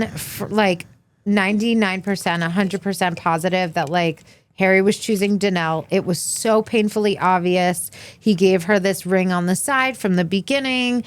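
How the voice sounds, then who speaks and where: A woman's voice: medium pitch, moderate pace. A young woman co-hosting a podcast, recapping reality TV in casual chat and acting out quotes in many voices. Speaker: podcast co-host.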